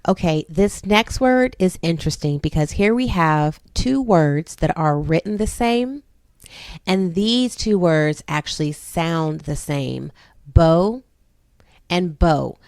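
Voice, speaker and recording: Homeschool mom, 30s, lower-pitched woman, patient step-by-step phonics teacher, dry close sound. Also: animated, a little mellow, no room sound. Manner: slow, patient, explaining step by step. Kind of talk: phonics lesson for her children.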